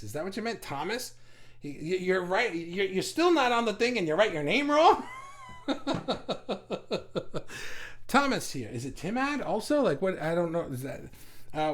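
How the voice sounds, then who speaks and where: A middle-aged man with a high-pitched voice and a New York accent hosts a casual live chat. He reads viewer comments aloud, laughs often and stumbles over his words.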